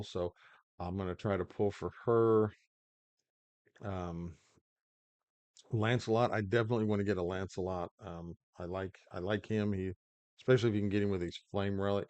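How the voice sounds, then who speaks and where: A man's voice: sits low, a little mellow, no room sound. A man hosting his own gaming channel, rambling through mobile game commentary with lots of fillers and restarts. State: hiccups.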